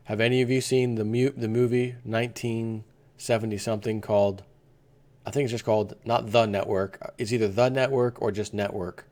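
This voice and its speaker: A man's voice: fairly low pitch, darkish tone. A man hosting an opinion commentary vlog, talking in an indignant, rambling rant. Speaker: vlogger host.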